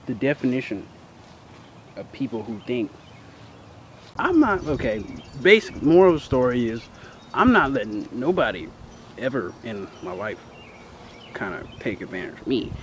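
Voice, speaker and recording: A man's voice: medium pitch, very animated, moderate pace, long pauses, lo-fi sound, background noise. A teenage boy telling a childhood story in a casual, profane, indignant way. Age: teens.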